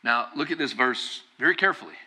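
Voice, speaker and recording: A man's voice: mid-range voice, animated, fast, pushed and bright. A man preaching a conversational sermon as pastor, building to emphatic bursts.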